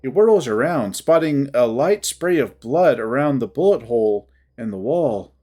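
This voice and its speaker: Slow, breathy first-person storyteller. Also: mid-range voice, lively intonation, mellow. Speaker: storyteller reading a visual novel. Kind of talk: dramatic first-person reading.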